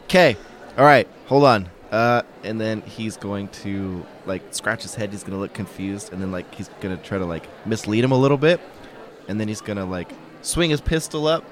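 A man playing a tabletop game who explains the rules and his moves in a deliberate way. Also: fairly low pitch. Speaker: player. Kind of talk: casual tabletop game chat.

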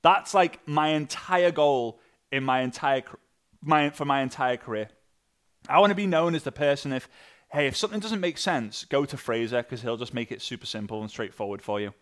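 A man coaching an online audience on sales messaging, energetic and animated, acting out sample messages. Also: normal speed. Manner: energetic, with big jumps in pitch and loudness; acts out sample messages in different voices. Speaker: sales and network marketing coach.

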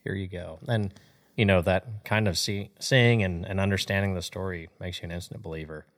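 A man's voice: low-pitched, steady tone, a little fast. A man co-hosting a casual podcast, reacting with enthusiasm. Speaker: co-host.

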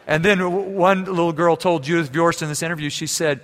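A middle-aged man preaching a sermon as pastor, telling stories with lively humor and ending in prayer. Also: a little high, a little fast, few pauses, in a large hall. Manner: storytelling, lively, warm humor.

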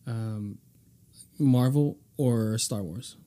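Male podcast host, mid-range voice, casual quick-fire questioning, laughs a lot. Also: mid-range voice, warm tone. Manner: laughs often, stumbles and restarts.

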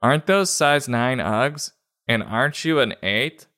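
A man's voice: mid-range voice, expressive, unhurried, pushed and bright, voice pushed up. A man doing a gushing, prissy girl voice. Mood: suspicious. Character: prissy young woman, the tutu girl. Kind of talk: comedic voiced storybook reading.

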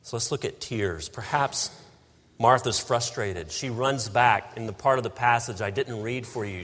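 A man preaching a sermon, building to emphatic bursts and dropping into slow, weighty pauses. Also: mid-range voice, fairly bright tone. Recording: long hall reverb.

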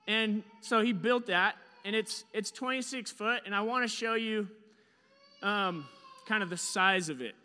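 A man's voice: high voice, measured pace, sharp tone, big-room sound, slight background noise. A young man telling a story with slides in a casual, rambling way. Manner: casual, rambling, lots of fillers.

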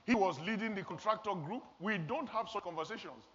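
A man's voice: sits high, fairly quick, husky. A man from Nigeria, preaching a sermon in an earnest, storytelling way. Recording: long hall reverb, dull lo-fi sound.

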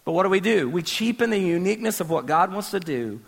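A man's voice: high voice, expressive, fast talker, gravelly. A man preaching a sermon as a pastor, telling stories animatedly and acting out scenes with sound effects.

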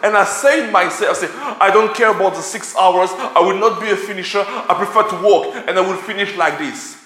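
Guy preaching, high bright voice, big echoey church room. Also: brisk. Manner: animated, repeats words and restarts often. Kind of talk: sermon with storytelling. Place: church hall.

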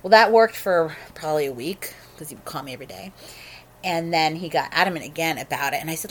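Frank, low-voiced woman storyteller. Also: animated, quick pace. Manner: frank and matter-of-fact, with many fillers and restarts. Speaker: phone sex operator. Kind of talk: candid conversational storytelling.

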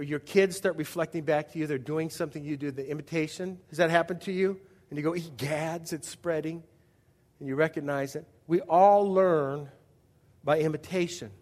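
A man's voice: on the high side, in a large hall. A man pastor preaching a sermon in a conversational way, often asking the audience questions and restarting his sentences.

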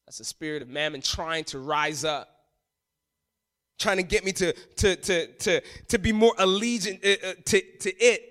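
A man preaching as a pastor, swinging between loud emphatic passages and hushed, quiet ones. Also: high voice, moderate pace. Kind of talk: sermon.

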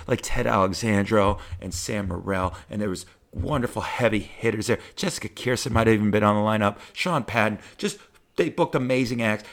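A middle-aged man, a stand-up comedian, telling personal stories in a profane, heartfelt, animated way. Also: fairly low pitch. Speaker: stand-up comedian, podcast host. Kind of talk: personal storytelling monologue.

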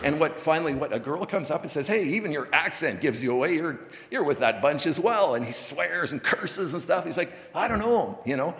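A man's voice: a little high, animated, a little fast, few pauses, fairly bright tone. A man preaching a sermon in a folksy, conversational way, full of fillers and asides. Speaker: pastor. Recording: echoey hall recording.

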